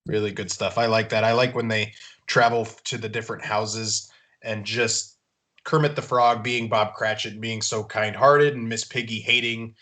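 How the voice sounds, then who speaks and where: A man who is a father, co-hosting a podcast in relaxed, easygoing casual chat. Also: on the low side, normal speed. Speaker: podcast co-host. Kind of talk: casual chat about films.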